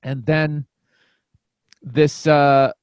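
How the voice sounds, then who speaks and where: Guy on a podcast rambling through a story, lots of likes and uhs, slightly high voice, dry sound. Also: flat delivery, drawn-out words, smooth, no room sound. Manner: rambling, many fillers and restarts; acts out quoted voices. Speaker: podcast guest, comedian. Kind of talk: casual storytelling.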